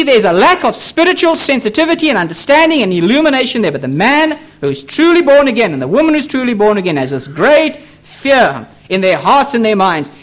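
Male pastor, very high pitch and lively intonation; emphatic, repetitive pulpit sermon. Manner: emphatic, repetitive preaching with pleading appeals. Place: church.

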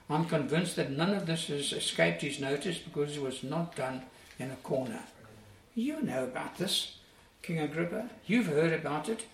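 A man's voice: fairly high pitch, creaky. A man preaching a sermon in an earnest, emphatic way, repeating key phrases for weight. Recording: echoey room, distant mic, faint ambience.

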